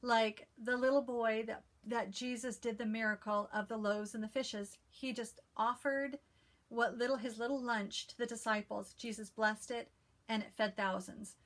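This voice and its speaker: Calm, soothing woman with a slightly high voice. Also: normal speed. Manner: chatty, with frequent restarts and fillers. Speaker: cross-stitch video host. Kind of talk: casual chat and devotional reading.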